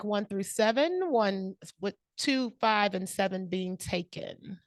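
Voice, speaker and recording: A woman's voice: mid-range voice, a little slow, no room sound, clean studio sound. A woman hosting questions at a speaking club meeting, joking, teasing and often laughing. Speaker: table topics host at a speaking club meeting.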